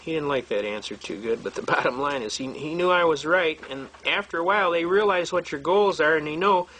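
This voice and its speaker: A man's voice: a little high, a little fast, a bit bright, slightly rough. A man teaching a seminar, telling courtroom stories in a folksy, blunt way and acting out the people he quotes. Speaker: seminar instructor. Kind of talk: lecture told through courtroom anecdotes.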